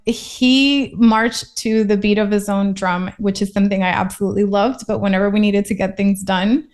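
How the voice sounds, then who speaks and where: A woman's voice: mid-range voice, fairly even intonation, moderate pace, a little mellow. A woman from Puerto Rico, a guest in a casual interview, talking in a reflective, thoughtful way.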